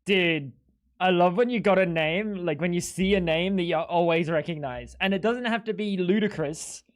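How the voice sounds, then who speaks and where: A streamer riffing live to chat while playing, with a voice of ordinary middle pitch. The delivery is excitable and profane, swinging between loud outbursts and self-mocking mumbles. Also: moderate pace.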